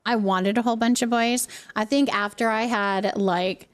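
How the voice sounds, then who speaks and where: A woman's voice: on the high side, fairly even intonation, moderate pace. Chatty, laughing woman streamer. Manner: chatty, laughs often, talks to viewers as you guys. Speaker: livestreamer and mother. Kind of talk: casual live-stream chat while playing a game.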